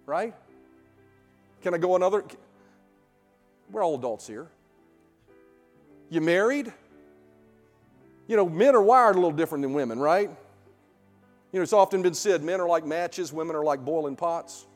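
A middle-aged male pastor preaching a sermon in a church sanctuary, emphatic, full of rhetorical questions, building to loud peaks. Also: fairly high pitch, expressive, unhurried, pauses often, long reverb tail, faint music behind.

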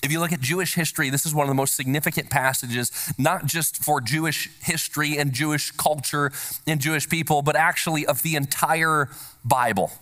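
A pastor preaching in a church with a fairly high voice for a man. He builds his points through emphatic repetition and has the congregation call words back to him. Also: fairly even intonation, a little fast, bright, forceful tone. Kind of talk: sermon. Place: church sanctuary.

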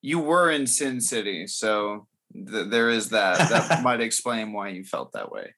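A man's voice: lowish voice, a little slow, bright, forceful tone. A man hosting a casual conversation, responding to his guest in an easygoing way.

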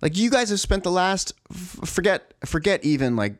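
A man's voice: sits high, very animated, moderate pace, no echo, clean studio sound. A man in a profane, exasperated, rambling rant, full of restarts and asides. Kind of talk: ranting monologue.

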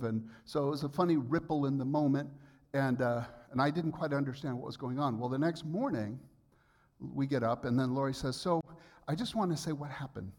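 Man in his sixties, pastor, sermon, personal storytelling, emphatic bursts, mid-pitched voice. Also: a little mellow. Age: 60s.

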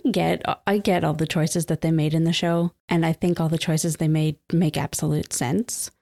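A woman with a slightly low voice talks through a book with her co-host. She sounds enthusiastic and laughs often, sometimes reading passages aloud. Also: level tone, normal speed, creaky, dark tone. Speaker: podcast co-host. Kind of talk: casual book-club chat.

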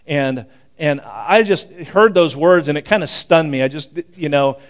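Conversational older preacher, smooth higher voice. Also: male voice, expressive, unhurried. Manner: conversational preaching with frequent asides and restarts. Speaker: pastor. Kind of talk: sermon.

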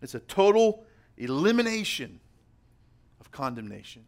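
A young man preaching a sermon as pastor, emphatic and slowing down to stress key words. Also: high voice, big pitch swings.

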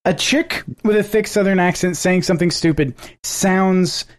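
A man's voice: high voice, moderate pace. A man from the American South co-hosting a podcast, chatting casually and laughing often as he mocks what he is hearing. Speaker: podcast co-host. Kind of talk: casual chat.

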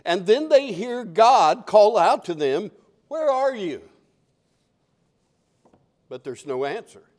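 A man's voice: high voice, sing-song, unhurried, few pauses, darkish tone. An older man preaching a sermon as pastor, conversational and repeating key phrases.

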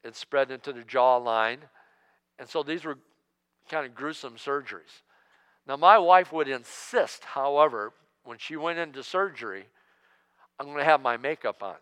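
A man in his sixties preaching a sermon as pastor, joking and emphatic, swinging between loud outbursts and hushed asides. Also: mid-range voice, normal speed, smooth, in a large hall. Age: 60s.

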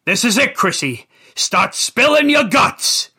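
A man's voice: very high voice, sing-song, takes it slowly, husky, pitched above the performer's own voice, exaggerated voice. A man voicing a brutal, hot-tempered mob boss who barks threats. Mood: menacing. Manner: shouting threats.

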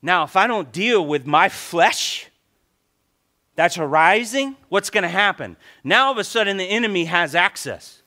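A middle-aged man preaching to a congregation with lively storytelling. His voice sits a little high and rings bright and forceful. He slips into playing out his own inner complaints as he teaches. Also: normal speed. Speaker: pastor. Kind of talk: sermon.

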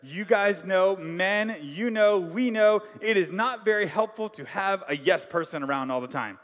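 A man preaching a sermon in an animated, joking way, acting out the figures of the story. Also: high-pitched, moderate pace, long reverb tail. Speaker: pastor.

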